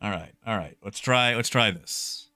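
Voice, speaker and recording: A man streaming a space game live, talking to his chat in an excitable way and often repeating himself. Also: fairly low pitch, unhurried, no echo, studio quality, soft background music. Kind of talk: live gameplay commentary.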